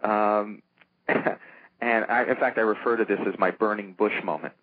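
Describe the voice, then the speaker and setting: A man's voice: on the low side, fairly even intonation, unhurried, no echo. An older man, a comic book producer, telling stories in a casual interview and acting out the voices of the people he quotes. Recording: tinny phone-line sound with faint noise.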